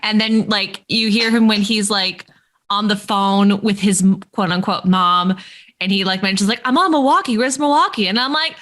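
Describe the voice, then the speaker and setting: A woman's voice: medium pitch, fairly even intonation, normal speed, fairly bright tone. A woman from Chicago co-hosting a fan podcast, gushing and chatty as she talks about a show. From Chicago, USA. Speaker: podcast co-host. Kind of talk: casual pop-culture review chat.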